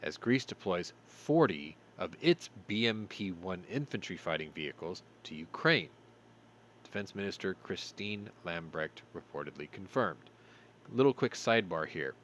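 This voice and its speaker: A man with a lowish voice reads news stories aloud as a show host and keeps interrupting with sarcastic quips. He sounds tired, yet his pitch rises and falls widely. A faint hiss sits under the recording. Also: animated, unhurried, a bit bright. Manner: sarcastic asides between read headlines. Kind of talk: reading news stories with commentary.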